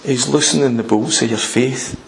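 Emphatic preacher in an echoey hall. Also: male voice, medium pitch, normal speed, gravelly, a little hiss or hum. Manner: emphatic, repeats points, swings between loud and hushed. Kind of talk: sermon.

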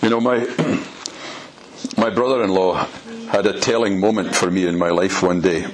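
A man's voice: sits low, steady tone, measured pace, slight background noise, poor audio. A man preaching a sermon, emphatic and driving his points home with pointed rhetorical questions.

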